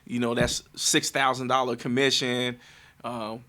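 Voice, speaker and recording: Male co-host, casual podcast; bright tone, relaxed number-crunching talk. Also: medium pitch, unhurried. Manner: casual, works through examples with numbers.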